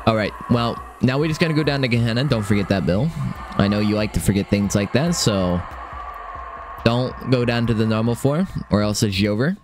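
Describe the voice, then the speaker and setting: A young man commentating his own game run, excitable and swearing, talking to himself. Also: on the low side, a little fast, background noise. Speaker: gaming streamer. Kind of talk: live let's-play commentary.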